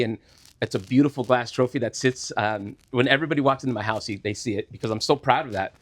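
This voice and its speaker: A man being interviewed, telling a personal story in an earnest, halting way with many restarts. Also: medium pitch. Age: adult, former student. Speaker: interview guest.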